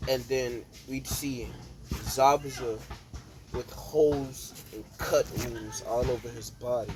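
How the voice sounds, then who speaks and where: A young man drifts through a story he is making up on the spot, in an unhurried voice. He often stumbles, restarts and drops in fillers. A clear hiss of noise sits under the recording. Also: mid-range voice, steady tone. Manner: meandering, with fillers and self-corrections. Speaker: storyteller narrating a fan scenario. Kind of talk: casual improvised storytelling.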